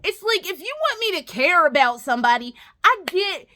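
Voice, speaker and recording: A woman with a high, lively voice rants about games in a casual vlog, swearing freely. Her tone is bright and sharp, and she keeps slipping into mocking whiny impressions of characters. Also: normal speed. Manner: profane, exasperated ranting with mocking whiny impressions. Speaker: gaming vlogger.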